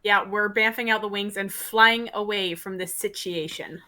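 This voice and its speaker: A woman's voice: mid-range voice, fairly even intonation, moderate pace, a loud crowd. A woman playing in a tabletop role-playing game, chatty and full of filler words. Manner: chatty, laughing, many "like" fillers. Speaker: player. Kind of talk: casual tabletop play.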